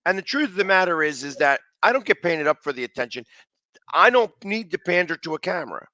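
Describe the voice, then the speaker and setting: A man hosting a sports talk show who talks loudly and rambles, often restarting his sentences. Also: high-pitched, big pitch swings, fast, no echo. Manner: loud, talkative, rambling with restarts.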